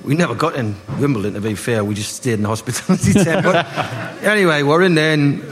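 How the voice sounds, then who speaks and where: A man, telling lively football stories to a live audience and acting out the voices. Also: on the high side, quick pace. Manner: animated anecdotes, acting out voices, laughing. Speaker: guest, former footballer. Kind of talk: live storytelling on stage. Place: live party event. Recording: noisy live room.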